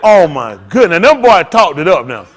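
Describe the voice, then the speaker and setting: A man's voice: high voice, moderate pace. A man preaching to his congregation in a loose, joking style, talking straight to the room. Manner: animated, joking, talks to the congregation. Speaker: pastor. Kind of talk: freewheeling preaching with comic asides.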